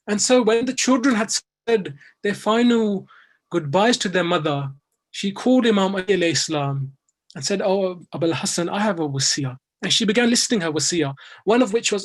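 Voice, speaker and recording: A man with a British English accent delivering a religious sermon, telling the story and sinking soft and low in its sorrowful passages. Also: expressive, moderate pace. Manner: storytelling, grows softer and lower in sorrowful passages, rising with emotion at others. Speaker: speaker at a majlis. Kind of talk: religious sermon, recounting and lamenting.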